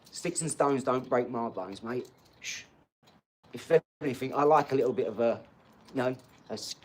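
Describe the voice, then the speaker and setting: A man, chatting bluntly on a livestream and answering viewers' comments, swearing and often laughing as he talks. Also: mid-range voice. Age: 40s. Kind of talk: casual livestream chat.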